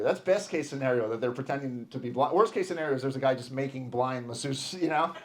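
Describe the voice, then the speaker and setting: A man in his thirties from Texas doing a stand-up comedy set on a club stage, animated and playing out little voices. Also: mid-range voice, fast.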